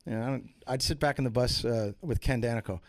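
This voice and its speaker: A man's voice: mid-range voice, quick pace, no echo. A man on a podcast, telling rambling, profane stories in a casual way and switching voices for the people he quotes. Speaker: podcast guest. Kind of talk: casual storytelling.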